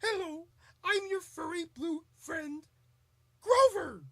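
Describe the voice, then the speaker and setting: A man voicing an excitable furry blue male puppet monster, calling out loud and drawn-out. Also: very high voice, no echo, clean studio sound, voice pushed up, full character voice. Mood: gleeful.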